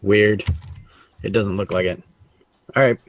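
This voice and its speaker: Slow, low-voiced man gaming player. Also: fairly even intonation, no room sound. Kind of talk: casual tabletop game play.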